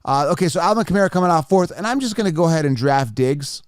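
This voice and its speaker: A man hosting a podcast in a casual, energetic way, repeating plugs and talking the listener through each step. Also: on the high side, fast. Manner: energetic, repetitive, salesy. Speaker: podcast host. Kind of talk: casual podcast talk with ad reads. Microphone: studio microphone.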